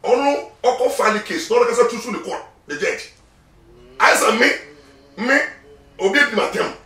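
Speaking with an extremely high pitch and lively intonation, a Ghanaian-accented male lawyer sounds bright and forceful at normal speed. He is being interviewed, talking emphatically, mixing Twi with English and repeating words along the way. The recording has room echo and a far-off microphone.

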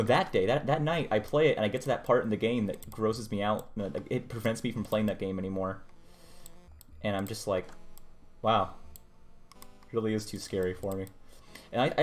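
A young man streamer chatting casually while he draws, rambling and muttering to himself about his work. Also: lowish voice. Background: music playing.

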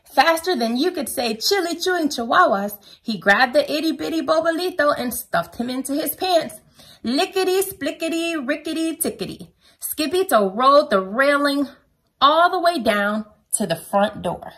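A woman reading a children's picture book aloud at home, lively and playful, with a sing-song delivery. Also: sits high, normal speed.

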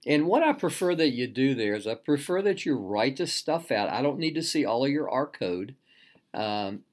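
A man's voice: medium pitch, lively intonation, moderate pace. A middle-aged man, a course instructor and program director, walking students through an online course with many fillers, restarts and self-deprecating asides. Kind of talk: casual recorded course walkthrough.

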